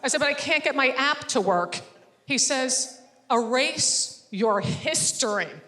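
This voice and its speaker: A woman doing a stand-up comedy set on stage, sarcastic, acting out quick bits of dialogue in front of a laughing audience. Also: high voice, animated, bright, forceful tone, echoey room.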